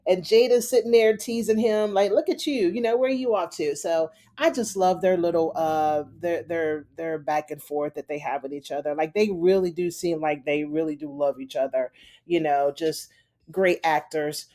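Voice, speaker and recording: A woman's voice: low-pitched, steady tone, normal speed, dark tone. A woman recapping a TV episode in a loose, chatty way, full of "you know" and "honey". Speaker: TV recap reviewer. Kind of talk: casual spoken episode recap.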